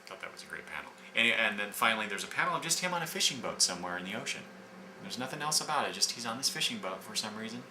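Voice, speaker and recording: A man casually reviewing comic books, talking in a halting way with frequent restarts as he sums up the story. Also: fairly low pitch, very animated. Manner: halting, with many fillers and restarts while summarizing. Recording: echoey room with background noise.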